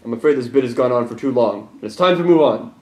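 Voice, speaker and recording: A man's voice: medium pitch, quick pace, dark tone. A young man co-hosting a comedy news sketch, bickering with his partner in a sardonic way. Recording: echoey room.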